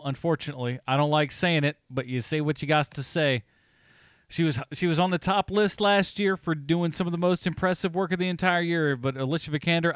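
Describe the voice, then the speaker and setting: A man co-hosting a podcast, chatting casually about movies, animated and swearing freely. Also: fairly high pitch, smooth, no room sound, clean studio sound. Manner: animated, swears freely, acts out his reactions. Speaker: podcast co-host. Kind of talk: casual movie review chat.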